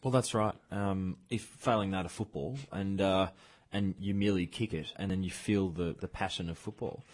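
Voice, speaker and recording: A man's voice: low-pitched, fairly even intonation, moderate pace. A man co-hosting a casual radio show, teasing his co-host and telling rambling stories with laughs. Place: radio studio.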